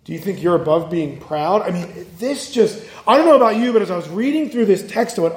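Earnest high-voiced man preaching, echoey room. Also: expressive, fairly quick, few pauses. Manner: earnest, acts out quoted voices. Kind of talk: sermon.

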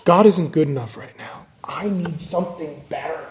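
A man's voice: on the high side, moderate pace, roomy sound, a little hiss or hum. A man preaching a sermon, earnest, driving his points home with repetition and rhetorical questions.

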